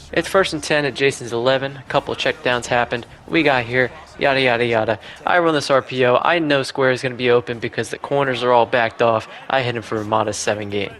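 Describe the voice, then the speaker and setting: Young guy talking through his football game clips, chill and joking at himself, normal pitch. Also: a bit bright. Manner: casual, self-deprecating play-by-play. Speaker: gaming YouTuber. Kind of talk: video game commentary voice-over.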